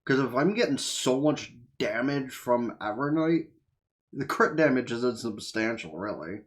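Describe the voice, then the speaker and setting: A man's voice: mid-range voice, animated, unhurried. A tired man gives casual reaction commentary as a gaming YouTuber. He rambles offhandedly and swears freely. His voice sits in a mid range.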